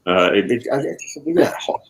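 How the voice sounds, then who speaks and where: A man hosting a casual chat, talking with many restarts and repeated words and animated asides. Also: mid-range voice, unhurried, low-quality recording. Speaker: podcast host, professor. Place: home in lockdown.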